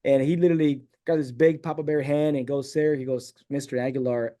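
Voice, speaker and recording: A middle-aged man from San Diego chats as an interview guest. His voice is mellow and warm, and he winds through a personal story, acting out the people he quotes. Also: medium pitch, fairly quick. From San Diego, California. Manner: rambling, animated storyteller who acts out quoted dialogue.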